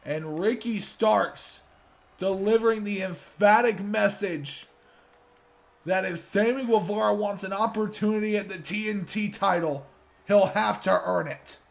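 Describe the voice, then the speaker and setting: A man giving play-by-play wrestling commentary for a video game series, with excitable announcer hype. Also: sits high, a little slow, gravelly.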